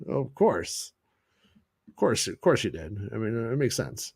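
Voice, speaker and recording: A man's voice: on the low side, huge pitch swings, a little slow, gravelly, husky, no echo, clean studio sound. A man hosting a casual fan news show, chatting loosely with many restarts and joking asides. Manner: rambling, restarts, jokey put-on voices. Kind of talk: casual livestream chat.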